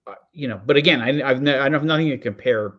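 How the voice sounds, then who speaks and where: A man's voice: mid-range voice, fast. Rambling man on a dull lo-fi line. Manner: rambling, lots of fillers and asides. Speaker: podcast guest. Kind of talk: casual film review chat.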